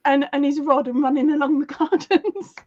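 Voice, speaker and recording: Brief: high-pitched playful woman co-host, muffled lo-fi sound. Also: normal speed, a little mellow, no echo. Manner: laughing, playful teasing. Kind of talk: casual group chat.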